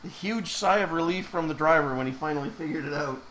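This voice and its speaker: A man's voice: a little high, fast, a bit bright, a little hiss or hum, rough recording. A man who has a cold, chatting casually while streaming live as an animator and reacting to his chat.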